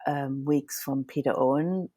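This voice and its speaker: A woman working as a hair and makeup designer, chatting as a podcast guest and telling animated stories full of fillers. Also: very deep voice, unhurried, no room sound, clean studio sound. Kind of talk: casual interview storytelling.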